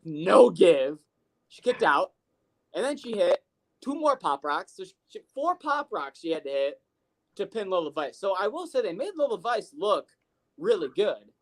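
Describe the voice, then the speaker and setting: Chatty podcast cohost, swears a lot, lively rambling, middle pitch. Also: moderate pace. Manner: animated, profane storytelling with lots of fillers. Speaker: podcast co-host. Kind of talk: casual chat.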